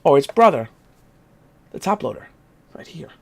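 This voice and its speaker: A man's voice: fairly high pitch, big pitch swings, moderate pace, creaky, a little mellow. A man hosting his retro gaming vlog, ranting in exasperation, swearing casually and coughing now and then. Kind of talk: casual vlog rant and show-and-tell.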